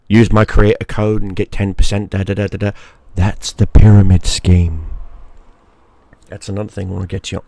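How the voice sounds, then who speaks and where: A man's voice: on the low side, creaky, warm tone, no echo, clean studio sound. A man giving a crude, mocking rant straight to the camera, often repeating himself for emphasis. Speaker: YouTube gaming creator. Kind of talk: profane ranting monologue.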